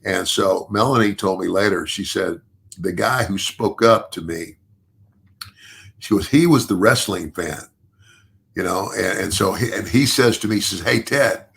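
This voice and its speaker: Deep gravelly older man telling a story. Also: normal speed, a bit bright. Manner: rambling with many restarts and repeated words; chuckles through his own story. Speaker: podcast guest. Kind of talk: casual storytelling.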